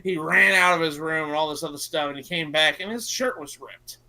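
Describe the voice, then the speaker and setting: Brief: lively storyteller on a video call, mid-pitched, acts out quotes. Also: a little fast, a loud crowd, low-quality recording. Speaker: gift exchange participant. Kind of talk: casual chat on a group call.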